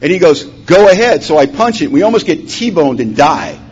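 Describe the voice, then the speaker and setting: A man telling his recovery story at a conference, acting out the dialogue, his voice rising loud and dropping to a hush. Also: fairly high pitch, very animated, moderate pace. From Washington state, USA. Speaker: recovery meeting speaker. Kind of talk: personal testimony talk. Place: conference hall. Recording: dull lo-fi conference recording, faint hum.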